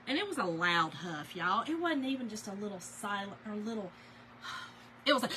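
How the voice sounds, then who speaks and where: A woman's voice: fairly high pitch, animated, normal speed, a bit bright, slight background noise, rough recording. Chatty woman crafting live. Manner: chatty storyteller, talks to viewers and reads their names aloud. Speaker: crafting livestream host. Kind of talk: casual livestream chat while crafting.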